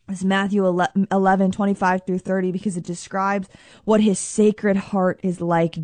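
A woman's voice: mid-range voice, a little mellow, dry recording. Woman, sermon, earnest, emphatic, repeats phrases for stress, dry close sound. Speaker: preacher.

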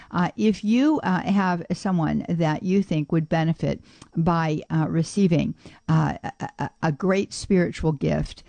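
A woman hosting a radio talk show, chatting casually with listeners and often pausing on "uh" fillers. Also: low voice, gravelly, dry recording. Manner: chatty and warm-hearted, many "uh" fillers, laughs easily.

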